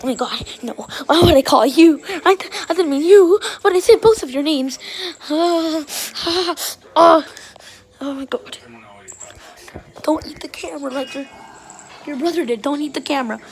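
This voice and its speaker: High-voiced, excitable young woman. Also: normal speed. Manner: excitable, shrieks and gasps, keeps exclaiming. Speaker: vlogger filming her puppies. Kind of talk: casual excited commentary.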